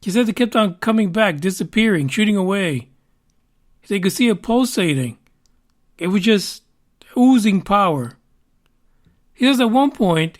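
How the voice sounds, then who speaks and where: High-voiced rambling podcast man. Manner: rambling and conversational, with fillers and swearing. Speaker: podcast host. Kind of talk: casual podcast monologue.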